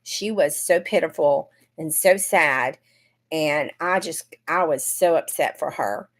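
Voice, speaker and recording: Brief: middle-aged woman, lowish voice, chatty livestream host who talks straight to her viewers. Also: slow pace. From Georgia, US. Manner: chatty, greets viewers by name. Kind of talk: casual livestream chat.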